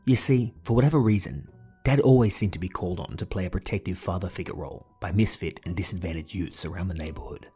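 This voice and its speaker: A man narrating a family podcast in a measured, reflective, dryly humorous way. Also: sits low, mellow, breathy edge, faint music behind. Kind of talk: scripted narration.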